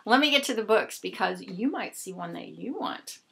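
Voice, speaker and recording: A woman's voice: medium pitch, lively intonation, moderate pace, gravelly. A woman chatting casually and gushingly as a book vlogger showing off her new books. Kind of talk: casual book haul chat.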